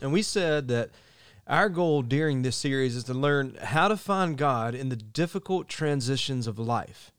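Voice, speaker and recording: A man preaching a sermon as pastor, earnest and measured, slowing down to stress key phrases. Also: mid-range voice, lively intonation, a bit bright, clear, resonant tone, no echo.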